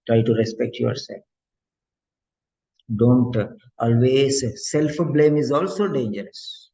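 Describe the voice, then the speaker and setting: A man's voice: mid-range voice, slow, gravelly, dark tone. A male exam coach giving a motivational lecture, preachy and repeating phrases for emphasis. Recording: dull lo-fi lecture audio.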